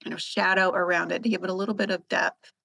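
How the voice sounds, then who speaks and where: A woman's voice: fairly low pitch, flat delivery, fast, creaky, pushed and bright, no room sound. A woman with a Southern accent hosting a crafting tutorial, talking through her steps in a chatty, enthusiastic way with lots of little fillers. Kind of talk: casual crafting voice-over.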